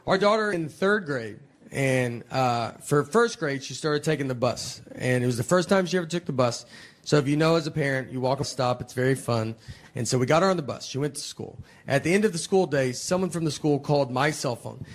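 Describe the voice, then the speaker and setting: A man in his forties doing a stand-up comedy set on stage, telling stories in a deadpan way and voicing the people in them. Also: medium pitch, fairly quick, a faint crowd. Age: 40s. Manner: deadpan storytelling, quoting people in flat asides. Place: stage before a live audience. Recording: live show with audience noise.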